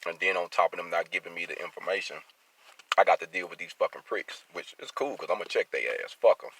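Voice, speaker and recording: A man with a very low voice vents to his viewers, heated and angry. He talks bluntly and swears freely, like a worker unloading after a rough day on the job. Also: fast talker, pushed and bright, a little hiss or hum. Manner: blunt, profane, heated street talk. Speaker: traveling field welder. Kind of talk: venting vlog monologue.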